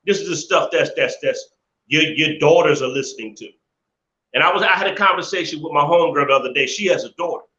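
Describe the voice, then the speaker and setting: A man's voice: a little high, fast talker, bright, forceful tone. A man hosting a live stream, ranting indignantly and repeating himself in casual commentary. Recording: echoey room, dull lo-fi sound.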